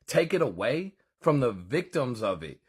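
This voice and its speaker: Husky, mid-pitched man, insistent commentator. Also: very animated, normal speed. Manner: earnest, preachy, insistent. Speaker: social commentator. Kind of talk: earnest spoken commentary.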